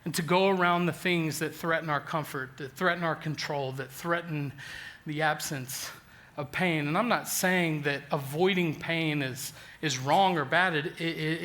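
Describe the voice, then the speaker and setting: A man in his forties preaching a sermon, telling a funny personal story with lively self-deprecating humor and frequent restarts. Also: fairly high pitch, moderate pace. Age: 40s. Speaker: pastor.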